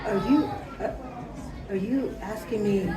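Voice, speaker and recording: A woman performing live improv comedy, slow and deadpan. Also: mid-range voice, distant mic, very noisy. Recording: roomy bar recording. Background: audience crowd.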